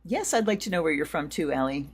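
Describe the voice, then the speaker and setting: A woman hosting a tarot and astrology livestream, chatting in a rambling way with viewers and then leading a slow blessing. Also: deep voice, expressive, husky. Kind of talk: casual livestream chat and ritual blessing.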